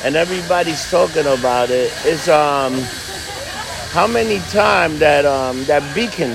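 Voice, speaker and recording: Gravelly man reacting loudly. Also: on the high side, measured pace. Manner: exclamatory, swears, repeats himself. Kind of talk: casual profane chat. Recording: crowd noise behind.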